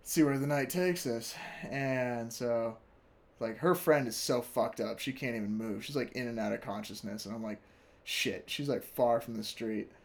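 A young man telling a story casually, animated and profane, laughing often and acting out what people said. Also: medium pitch, normal speed, vocal fry.

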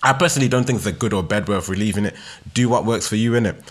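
Laid-back London man, low voice, innit-heavy. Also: rapid-fire. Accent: London, Multicultural London English. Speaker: podcast host. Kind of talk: casual solo podcast monologue.

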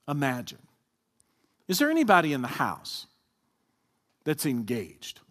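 Animated preacher in a reverberant hall. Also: male voice, high voice. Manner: talks with the congregation, asking them to answer aloud. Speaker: pastor. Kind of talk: sermon.

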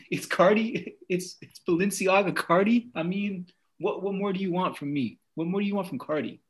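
A man's voice: sits high, moderate pace. A man co-hosting a podcast in casual chat, playful and teasing as he hypes up new music. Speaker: podcast co-host.

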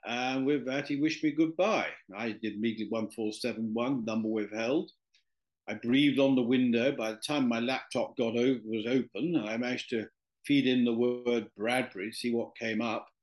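A man's voice: mid-range voice, fairly even intonation, normal speed. A man, a guest in an interview, telling a long story in a rambling way with many fillers and restarts. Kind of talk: anecdotal storytelling in conversation.

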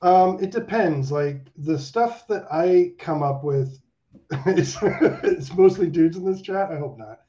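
Man, casual chat, swears a lot, lots of fillers, slightly high voice, dull lo-fi audio. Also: slow, warm tone. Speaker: animation director, guest. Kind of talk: casual chat, video call.

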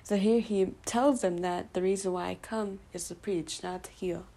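A woman's voice: medium pitch, fairly even intonation, moderate pace, dark tone. A woman casually retelling a Bible passage as a study presenter, loose and conversational, with fillers and self-corrections.

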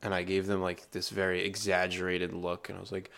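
Man, low voice, casual podcast chat, teacher telling stories. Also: monotone, brisk, creaky, a bit bright. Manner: storytelling, acts out classroom exchanges.

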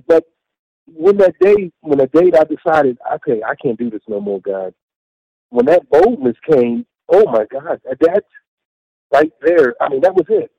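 A middle-aged man's fairly high voice swoops wildly in pitch, gravelly and a bit breathy, at a normal speed. He earnestly relates his faith testimony as an interview guest, repeating himself and acting out his own words. It's a dry, lo-fi recording.

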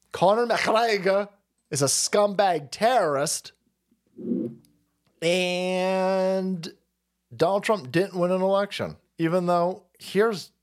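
Brief: foul-mouthed sarcastic male streamer, lively swinging pitch, laughs a lot. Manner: profane, sarcastic, laughing often. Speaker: streamer host. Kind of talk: livestream commentary rant.

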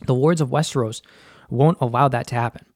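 A man's voice: medium pitch, a little fast, darkish tone, no room sound, clean studio sound. A young man giving a casual, profane breakdown of a TV episode, full of filler words. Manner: laid-back and profane, full of "like". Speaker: film and TV recap host.

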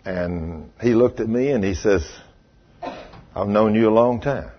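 A man's voice: fairly low pitch, a little slow. An older man preaching a sermon, telling a folksy story and acting out what people said. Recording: dull lo-fi sermon recording.

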